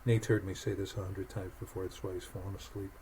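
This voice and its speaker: A lower-pitched man hosting a podcast, emphatic and conversational as he tells a story. He doubles back on his words when starting a thought. A faint hiss sits under his voice. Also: level tone, fast talker, warm tone, rough recording. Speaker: podcast host.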